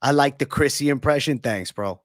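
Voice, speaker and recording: Profane young Northeastern host, dry close mic. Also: male voice, medium pitch, no echo. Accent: American Northeast. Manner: casual, profane, banters with chat between quick celebrity impressions. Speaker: livestream host. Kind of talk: casual livestream Q&A.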